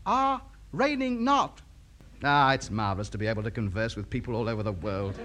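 Brief: a self-important radio hobbyist, high, lively voice, bright tone. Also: male voice, a little hiss or hum, exaggerated voice. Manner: pompous, indignant, chattering. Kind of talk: radio comedy acting.

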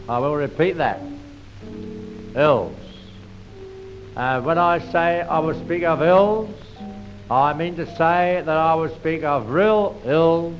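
A man's voice: on the high side, lo-fi sound. A man doing a pompous Cockney aquarium keeper. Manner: pompous, long-winded, repeats himself. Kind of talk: comic monologue.

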